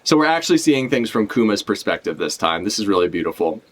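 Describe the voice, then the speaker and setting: A man's voice: fairly low pitch, big pitch swings, fast. A man giving live reaction commentary as a streamer, ranting and swearing in exasperation.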